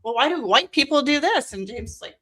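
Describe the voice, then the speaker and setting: A woman's voice: high-pitched, animated, brisk, fairly bright tone. A woman co-hosting a podcast, chiming in to agree and laughing often as she talks. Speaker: podcast co-host. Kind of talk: casual podcast interview.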